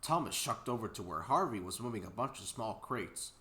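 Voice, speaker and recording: A man's voice: on the low side, animated, fairly quick, pushed and bright, roomy sound. A young man casually reading a children's story aloud with stumbles and restarts while co-hosting a game let's play.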